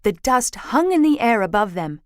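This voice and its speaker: A woman reading a children's storybook aloud, slow and expressive. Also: on the high side, no room sound, clean studio sound.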